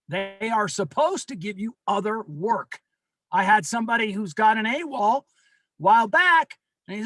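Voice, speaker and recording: A man's voice: high voice, a bit bright, dry recording. A man speaking as a union representative at a members' meeting over a video call, earnestly pleading and repeating his warnings.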